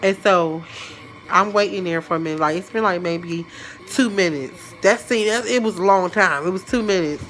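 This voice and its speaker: A woman telling a story in a casual, chatty vlog, animated and full of slang. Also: fairly low pitch, moderate pace, slight background noise. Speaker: vlogger.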